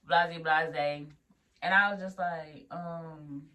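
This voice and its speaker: A woman's voice: deep voice, steady tone, takes it slowly, bright, forceful tone, far from the mic. A young woman vlogging casually about her first week as a nurse, laughing and acting out dialogue as she tells the story. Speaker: new-grad nurse vlogger.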